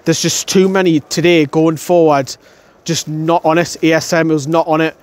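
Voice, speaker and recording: Man, young adult, angry, blunt, swearing, outdoor fan vlog, slightly high pitch. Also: level tone, normal speed. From North East England. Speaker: fan channel presenter. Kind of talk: post-match fan reaction. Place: outdoors outside a stadium, wet weather.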